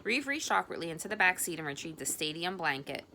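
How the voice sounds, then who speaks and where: A woman reading a novel aloud, expressive, with the occasional slip. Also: lowish voice, fast, creaky, slight background noise. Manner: expressive, with small slips. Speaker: audiobook reader. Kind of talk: audiobook narration.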